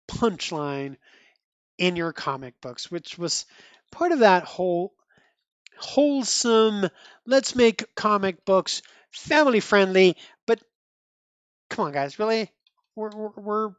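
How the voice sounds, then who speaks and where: A woman chatting casually about comic books, with restarts and quick asides. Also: medium pitch, no echo. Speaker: comic book reviewer. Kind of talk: casual comic review chat.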